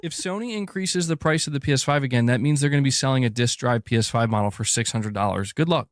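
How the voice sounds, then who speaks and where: A man speaking on a gaming podcast in a clip being played back. He sounds exasperated and dismissive, at an ordinary pitch. The recording is dry and close. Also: fast, no echo. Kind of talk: opinion podcast commentary.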